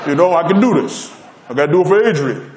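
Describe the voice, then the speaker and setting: A man's voice: on the high side, expressive, quick pace, a little mellow, roomy sound, a little hiss or hum, lightly acted, low-quality recording. A man putting on a stubborn boxing champion with an Italian-American accent, during a keynote talk. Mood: boastful. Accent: Italian-American, put on.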